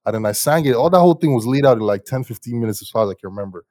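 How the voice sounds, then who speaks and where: A young man telling stories about his music start in a casual interview, animated and slangy, laughing often. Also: mid-range voice, rapid-fire, dry recording. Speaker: musician guest.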